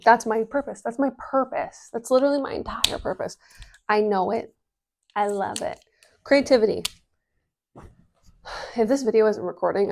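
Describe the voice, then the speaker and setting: A woman talking casually as a business coach, energetic and full of fillers, swearing now and then. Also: medium pitch, gravelly. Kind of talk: casual explainer vlog.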